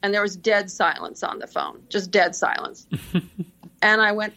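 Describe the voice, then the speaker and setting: A woman's voice: medium pitch, steady tone, normal speed, bright, forceful tone. A middle-aged woman, a podcast guest, telling work stories casually and laughing often. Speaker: podcast guest, senior executive assistant. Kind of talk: casual interview storytelling.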